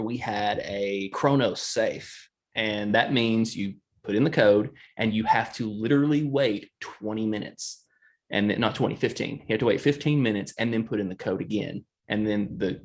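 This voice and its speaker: A man, co-hosting a casual chat and rambling through a story, laughing often. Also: fairly low pitch. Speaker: podcast co-host.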